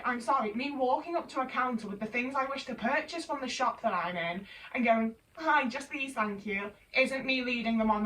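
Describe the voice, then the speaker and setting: A woman's voice: a little high, a bit bright, recorded from a distance, slight background noise, low-quality recording. A woman in her twenties venting in casual chat while folding laundry at home, rambling, sweary and exasperated. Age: 20s. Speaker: vlogger.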